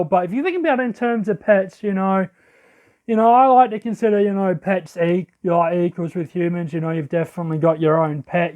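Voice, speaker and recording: A man giving excitable, casual commentary while playing a game. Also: high-pitched. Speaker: let's play host. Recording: lo-fi audio.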